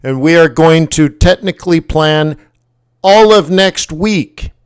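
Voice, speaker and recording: A man's voice: a little high, slow, clean tone. A man with a Canadian accent hosting a forex trading livestream, talking casually in a rambling, jokey way and correcting himself as he goes. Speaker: forex trading educator and stream host.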